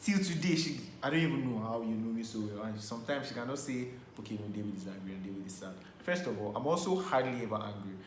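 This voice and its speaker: Young man, co-host, expressive and playful; echoey room, faint hum. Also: mid-range voice, quick pace, few pauses. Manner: expressive, bursts of laughter, playful protest. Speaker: co-host of a couples channel. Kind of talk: casual chat.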